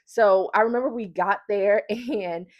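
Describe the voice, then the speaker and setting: A woman vlogger chatting straight to camera at a mid-range pitch. She tells her story with animated energy, keeps breaking into laughter, and leans heavily on filler words. The sound is dry and close, with no room echo. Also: a little slow, dull audio.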